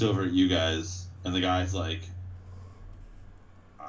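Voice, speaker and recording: A man's voice: low-pitched, fairly even intonation, moderate pace, pauses often, poor audio. A man narrating a tabletop game as game master over an online call, laid-back and full of fillers.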